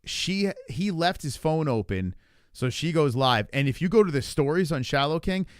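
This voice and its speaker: A man's voice: fairly high pitch, lively intonation, normal speed, clear, resonant tone, no room sound, studio quality. A man hosting a livestream, chatting casually and profanely as he reacts to clips. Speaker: stream host.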